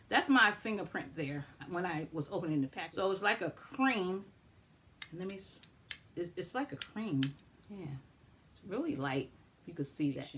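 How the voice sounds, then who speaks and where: A woman chatting casually and excitedly to viewers as she shows and swatches makeup finds. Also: mid-range voice, a little hiss or hum. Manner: chatty, excitable, addresses viewers as y'all and guys. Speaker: beauty vlogger. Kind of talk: casual makeup haul review.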